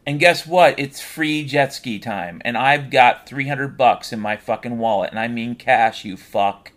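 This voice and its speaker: A man at an ordinary middle pitch rambles through an absurd comic tale, packing almost every sentence with swearing. He drops into flat, deadpan asides. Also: unhurried, soft background music. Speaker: storyteller. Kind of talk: comedic rambling monologue.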